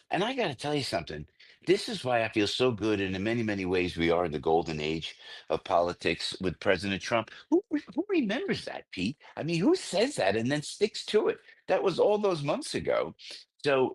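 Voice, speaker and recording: An older radio host, a man, telling a story as a guest in an excitable, rambling way, full of restarts and stammers. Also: mid-range voice. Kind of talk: phone-in radio interview, storytelling.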